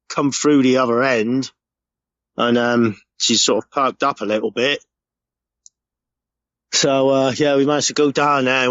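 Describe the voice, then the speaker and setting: A man's voice: medium pitch, a bit bright, no echo, muffled recording. A middle-aged man from the UK telling a rambling, emotional story in a casual recorded message, swearing freely. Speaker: podcast segment contributor.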